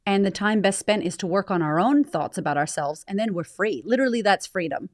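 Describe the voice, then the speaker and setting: A woman in her thirties, talking frankly and reflectively as an interview guest, with quick bursts and casual swearing. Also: mid-range voice, animated, no room sound, studio quality. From United States. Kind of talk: candid conversational interview.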